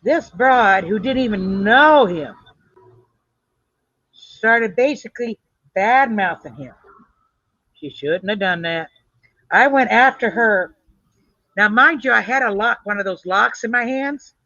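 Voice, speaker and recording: A woman's voice: a little high, animated, takes it slowly, pauses often, pushed and bright, no room sound. A woman telling personal stories in casual chat, blunt and tough-talking, swearing now and then. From United States. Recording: dull lo-fi dry recording.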